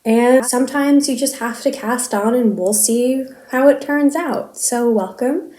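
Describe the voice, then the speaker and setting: A woman's voice: a little high, unhurried, mellow. A woman of twenty-six, hosting a knitting podcast in a rambling, self-deprecating casual chat and laughing easily. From Canada. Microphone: filming herself on camera. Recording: echoey room.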